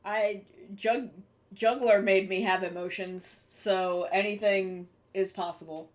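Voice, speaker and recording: A woman's voice: mid-range voice, fairly even intonation, slow pace. A young woman streaming live, chatting casually with her viewers while she draws, rambling and swearing offhandedly.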